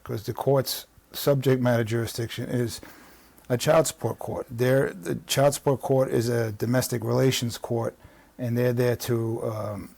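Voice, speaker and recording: A legal strategy instructor with a New York accent reads legal text aloud and then explains it conversationally. His medium-pitched voice is gravelly and darkish, recorded with no echo, and he often restarts and drifts into asides.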